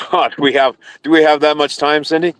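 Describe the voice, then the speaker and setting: A middle-aged man, a former carrier sailor appearing as a podcast guest, tells a long personal story over a video call in a casual interview. He rambles, corrects himself and laughs along the way. His voice is on the high side, with a level tone, a moderate pace and a little hiss or hum.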